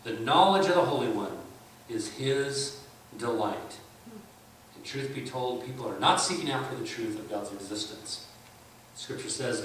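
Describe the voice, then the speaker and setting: A man preaches with a bright, forceful voice, acting out both sides of his arguments with skeptics. He is heard from a distance in a very echoey church hall, with faint room noise behind him. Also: medium pitch, animated, unhurried. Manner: emphatic, acts out both sides of debates. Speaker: conference speaker. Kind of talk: sermon.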